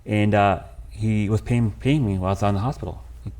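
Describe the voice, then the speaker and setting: A man, speaking in a fairly low voice. He tells his story to a podcast host with raw, candid emotion, dropping "bro" and "man" as he goes. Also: fairly quick, a little mellow, a little hiss or hum. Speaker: podcast guest. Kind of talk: casual storytelling interview.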